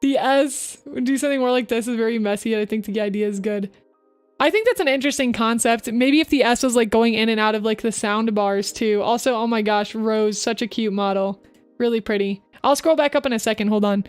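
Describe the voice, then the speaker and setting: A woman's voice: fairly high pitch, a little fast, clean tone, no echo, soft background music. A woman streamer chatting casually into her microphone, giving upbeat voice acting tips to her chat. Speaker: VTuber streamer.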